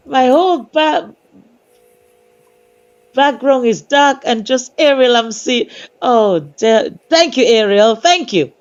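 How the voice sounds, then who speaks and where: A woman's voice: high-pitched, lively intonation, takes it slowly, pauses often. Giggly woman on a live stream. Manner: giggly, playful, stumbles for words. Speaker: panel participant. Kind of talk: casual live-stream chat. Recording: slightly dull lo-fi audio.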